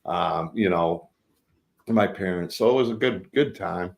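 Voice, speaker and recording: A man, likely in his forties, chatting casually on a livestream call, jokey and quick to laugh. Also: low voice, gravelly. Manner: jokey, laughs often, does voices of family. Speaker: guest.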